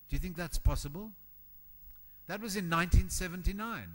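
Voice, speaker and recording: A man giving a motivational conference talk to an audience in a hall, animated and emphatic, acting out the voices of the people he quotes. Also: high voice, brisk, long pauses. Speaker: conference keynote speaker.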